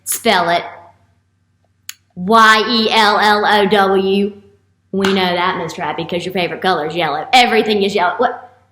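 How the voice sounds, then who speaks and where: A woman teacher leading a playful morning message for young students, with an animated, exaggerated manner. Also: mid-range voice, normal speed, long pauses. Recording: echoey room.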